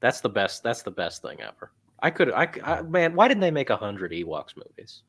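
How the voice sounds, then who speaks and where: A man joining a casual book club chat, talking with excited enthusiasm. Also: brisk, slightly rough. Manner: very lively pitch, enthusiastic and excitable.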